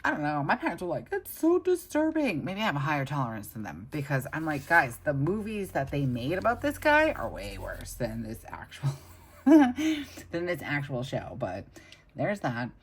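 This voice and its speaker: A woman talks her way through a planner vlog, chatty and enthusiastic. Her voice sits low and a little husky. Her pitch swings widely as she talks. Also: wildly swooping pitch, moderate pace. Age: adult with children. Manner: chatty, enthusiastic, many fillers. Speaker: planner vlogger. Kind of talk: casual chat while decorating a planner.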